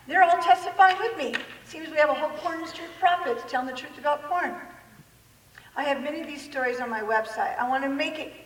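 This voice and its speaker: High woman speaker, lively and laughing, miked from far off in a big hall. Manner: lively, laughing, quotes people in acted voices. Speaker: speaker giving a talk. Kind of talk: animated public talk.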